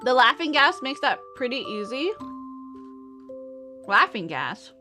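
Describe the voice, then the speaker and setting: High-voiced woman chatting on stream. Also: very animated, a little slow, over music. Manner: chatty, talks while eating. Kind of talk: casual chat with a stream chat.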